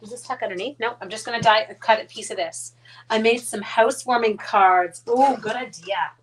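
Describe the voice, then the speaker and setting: During a live-stream craft demo, a Canadian woman who makes cards chats in a fairly high, slightly rough voice at a moderate pace. She rambles, mutters asides quietly, and talks to her dogs.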